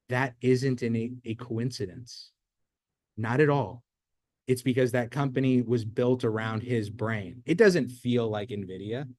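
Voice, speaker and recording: A man hosting a business workshop, talking casually and acting out a short story with lively quoted lines. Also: medium pitch, no echo. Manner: energetic storyteller, acts out quotes. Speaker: host. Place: event space.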